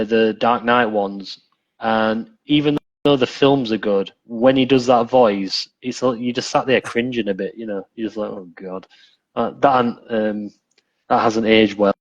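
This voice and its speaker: A man's voice: medium pitch, highs cut off. A man chatting casually as a podcast guest, rambling and often restarting his sentences. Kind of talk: casual chat.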